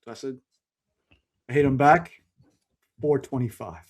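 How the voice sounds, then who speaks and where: A man on a comics panel telling a story in a relaxed, matter-of-fact way. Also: medium pitch, a little slow. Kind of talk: casual podcast chat.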